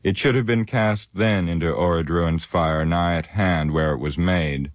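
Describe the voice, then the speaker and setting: A man reads an ancient elf lord full of old sorrow and wisdom. The voice sits extremely low and speaks gravely and solemnly, close and dry with no room sound. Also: unhurried, no room sound.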